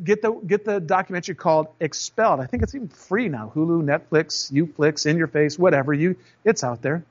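High-voiced pastor preaching in a conversational, storytelling way. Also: male voice, lo-fi sound. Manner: storytelling, acts out voices in anecdotes; conversational, addresses the congregation directly. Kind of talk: sermon.

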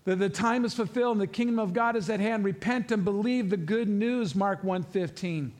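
A male pastor preaching a sermon in his church. His voice sits a little on the high side, and he keeps it animated and conversational, joking and turning to the congregation with asides. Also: a little fast.

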